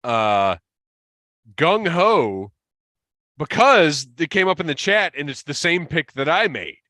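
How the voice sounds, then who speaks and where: A man co-hosting a podcast in casual chat, animated and quick to exclaim. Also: a little high, no echo, studio quality. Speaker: podcast co-host.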